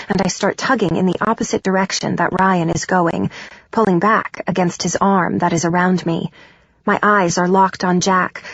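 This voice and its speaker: A woman narrating a first-person audiobook in a steady, even way. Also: on the low side, breathy edge, dry recording. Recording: dull, dry studio recording.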